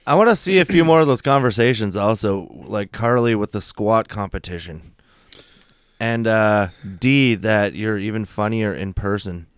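Smooth-voiced wry young man. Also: lowish voice, normal speed, dry recording. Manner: wry, chuckling, dry jabs. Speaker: podcast co-host. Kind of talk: casual podcast banter.

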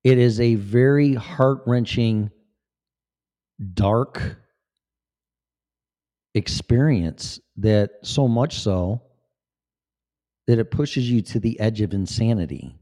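Man in his fifties, casual rambling monologue, emphatic, profane, warm tone. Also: on the low side, slow pace, pauses often. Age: 50s. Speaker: vlogger.

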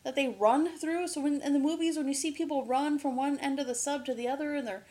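A woman's voice: high voice, steady tone, fast, mellow. A woman co-hosting a podcast in casual chat, talkative, laughing often and swearing freely. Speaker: podcast co-host.

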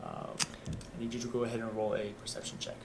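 A man's voice: fairly low pitch, completely flat delivery, creaky, slight background noise, low-quality recording. Laid-back male game master. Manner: easygoing, lots of "um", unhurried scene-setting. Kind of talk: narrating a tabletop game.

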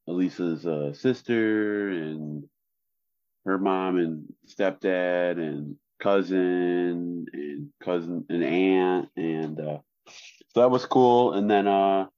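Very deep-voiced deadpan man. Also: no echo, highs cut off. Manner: flat deadpan delivery, many fillers. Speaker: podcast co-host. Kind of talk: casual chat.

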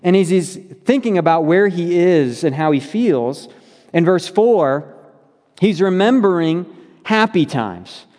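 A pastor speaks to his congregation in an earnest, conversational sermon, full of fillers. His voice sits a little high for a man. The sound carries a long reverb from the church sanctuary. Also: lively intonation, measured pace, darkish tone.

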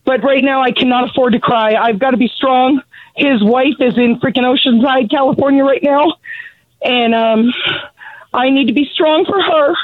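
A middle-aged woman, out of breath from pacing, speaks angrily and bluntly with halting restarts about losing her son. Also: sits high, no room sound. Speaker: grieving mother of a fallen Marine, calling in. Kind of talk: emotional phone testimony. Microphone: telephone. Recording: tinny, dry phone line.

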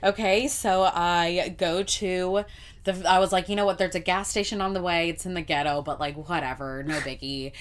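A young woman co-hosting a podcast, telling a story in casual chat, animated and full of swearing, "like" and "whatever". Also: lowish voice, moderate pace. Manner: animated, swears a lot, says "like" and "whatever" often. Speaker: podcast co-host.

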